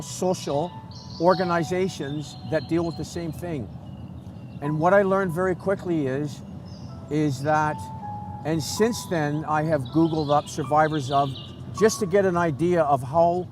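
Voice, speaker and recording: A man speaking as a guest, telling a personal story in an earnest, halting way with many restarts, moved and emotional. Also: fairly high pitch. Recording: music playing under the voice.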